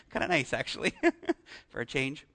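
A man's voice: medium pitch, huge pitch swings, measured pace, sharp tone. A man preaching a sermon as pastor, talking conversationally and asking the congregation questions.

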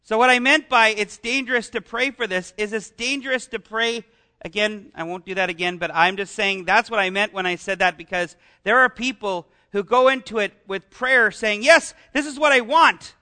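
A man's voice: high voice, normal speed, bright, forceful tone. A man preaching a sermon as pastor, talking conversationally and asking the congregation questions.

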